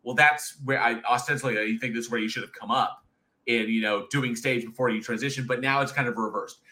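A man co-hosting a podcast, chatting about movies in an animated, profane, rambling way. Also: mid-range voice, brisk. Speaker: podcast co-host. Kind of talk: casual film review chat.

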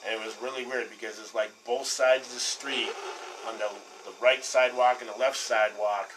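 A man's voice: mid-range voice, fairly even intonation, brisk, fairly bright tone. A man from Colorado co-hosting a podcast, telling a long road-trip story in loose casual chat, rambling, laughing often and swearing offhand. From Colorado, USA. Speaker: podcast co-host. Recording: distant mic, faint background noise.

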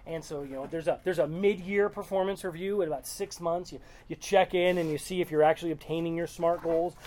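A woman's voice: fairly low pitch, fairly even intonation, a little fast, a little mellow. A woman leading a small-group Bible study, reading verses aloud and explaining them in a loose, conversational way.

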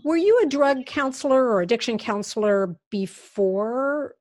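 A woman's voice: fairly high pitch, animated, unhurried, a little mellow. A woman hosting an interview who reacts with exclamations and asks short questions. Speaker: interview host.

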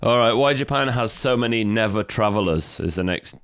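A man's voice: on the low side, expressive, moderate pace, a bit bright, clear, resonant tone, no room sound. A man co-hosting a podcast, talking with a sore throat and trading dry, wry banter in casual chat. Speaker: podcast co-host.

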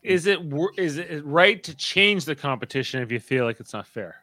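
Bright-voiced, blunt man on a chat show. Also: on the high side, expressive, moderate pace, no echo, clean studio sound. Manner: blunt, questioning. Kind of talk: casual chat.

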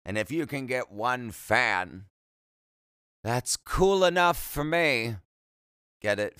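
A man's voice: mid-range voice, sing-song, slow pace, fairly bright tone, smooth, no echo, clean studio sound. Chatty man hosting a solo podcast. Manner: chatty, self-deprecating, jokey asides. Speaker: podcast host. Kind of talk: rambling solo podcast monologue.

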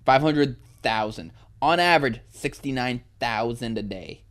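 A man's voice: medium pitch, measured pace, fairly bright tone. A young American man co-hosting a casual podcast, laid-back, laughing often and swearing casually. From United States. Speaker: podcast co-host. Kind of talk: casual chat.

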